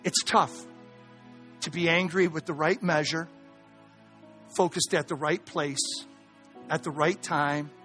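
Guy preaching hard, pretty high voice, stumbles and repeats himself, faint music behind. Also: steady tone, slow, pauses often, bright, forceful tone. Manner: impassioned preaching with repeated words. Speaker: pastor. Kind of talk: sermon.

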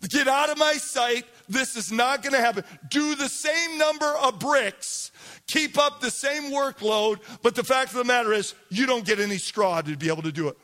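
A man's voice: very high voice, moderate pace, sharp tone. A man voicing a scornful, arrogant king who mocks and dismisses people in blunt slang.

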